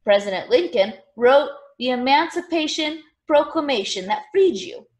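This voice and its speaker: A woman voicing a loud, eager Northern male political organizer who rallies a crowd with speeches. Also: very high voice, animated, normal speed, echoey room, voice pushed up. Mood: rallying. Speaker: party organizer.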